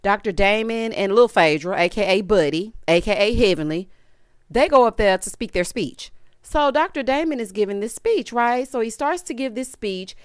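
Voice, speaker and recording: A woman giving a sassy, animated recap and review of a reality show, with lots of asides to the listener. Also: mid-range voice, normal speed, clean tone, dry recording, clean studio sound. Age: adult, formerly married. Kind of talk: casual commentary.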